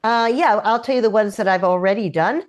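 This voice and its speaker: A woman's voice: medium pitch, fairly quick. Amused woman voiceover artist guest. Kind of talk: casual interview chat.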